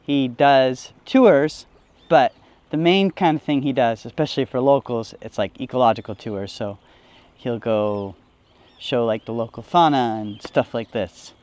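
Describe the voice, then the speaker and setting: A man hosting a travel vlog outdoors on a river boat, chatting casually and mock-solemn, mixing in halting Spanish. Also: mid-range voice, darkish tone. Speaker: travel vlogger.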